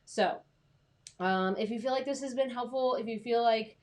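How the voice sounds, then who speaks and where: A woman's voice: a little high, moderate pace. A young woman coaching freelance writers in a casual, chatty live stream, reassuring and full of fillers.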